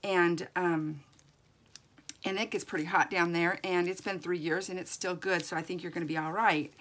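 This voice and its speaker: A woman's voice: lowish voice, steady tone, normal speed, fairly bright tone. A woman giving a chatty, encouraging crafting tutorial as a doll artist, thinking aloud as she works.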